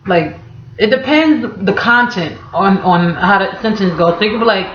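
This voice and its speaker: A woman's voice: mid-range voice, normal speed, fairly bright tone, a little hiss or hum. A young woman from Harlem with a New York accent, talking casually and profanely to camera in a vlog. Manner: casual, profane, laughing slang-heavy storytelling. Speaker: vlogger. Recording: echoey room, dull lo-fi sound.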